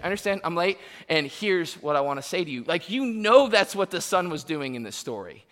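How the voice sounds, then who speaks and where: Male pastor, bright and forceful, comic storyteller, echoing church hall. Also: sits high, fast, few pauses. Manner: animated, humorous storytelling with acted-out quotes. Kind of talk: sermon with personal stories. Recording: long hall reverb.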